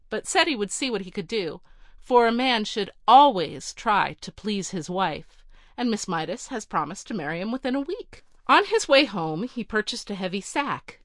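A woman narrating a storybook in a measured, clear reading. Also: mid-range voice, a bit bright, dry recording, studio quality.

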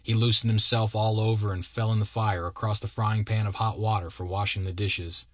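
A man's voice: fairly low pitch, level tone, a little fast, no echo. A man reading a story aloud as narrator, with a wry, mock-grand delivery.

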